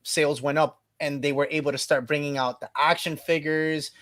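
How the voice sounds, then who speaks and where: A man's voice: on the high side, level tone, normal speed, a bit bright. A man hosting a live stream watch party, chatting casually and animatedly, often restarting his sentences. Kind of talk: casual chat.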